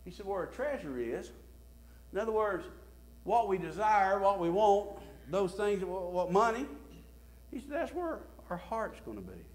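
Man, pastor, sermon, high voice, very animated delivery. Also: normal speed. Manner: preaching with rising emphatic bursts and softer drops.

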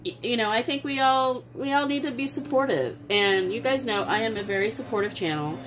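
A woman's voice: a little high, a little fast, a bit bright, slight background noise. A woman, gushing and sentimental as she opens craft mail in a casual vlog. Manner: gushing, sentimental, exclaims often. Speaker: craft vlogger. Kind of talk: casual unboxing chat.

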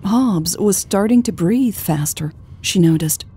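A woman narrating a romance audiobook in a measured, calm reading. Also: medium pitch, husky. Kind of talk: scripted narration.

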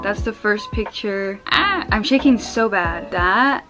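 A woman's voice: medium pitch, unhurried, few pauses. A young woman filming an unboxing vlog at home, gushing, squealing and tearful, repeating herself breathlessly. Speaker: vlogger. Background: background music.

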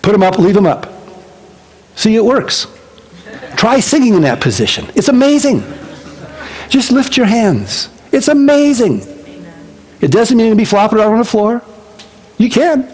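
Animated, conversational male pastor preaching. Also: high-pitched, moderate pace, pauses often, slightly rough. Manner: animated and conversational, with joking asides. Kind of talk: casual expository sermon. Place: church service before a congregation.

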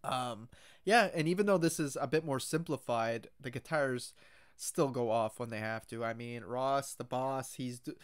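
A man's voice: mid-range voice, normal speed, smooth. A man hosting a music reaction, talking in an easygoing, casual way with filler words, like an enthusiastic fan.

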